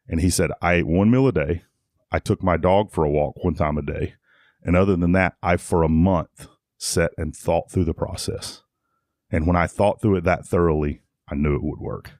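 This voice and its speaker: Man, middle-aged, low voice, dry close sound, rambling storytelling with restarts. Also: a little mellow, no echo. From Tennessee. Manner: rambling, frequent restarts and "like" fillers. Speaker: guest, jiu-jitsu academy owner. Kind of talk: casual conversational storytelling.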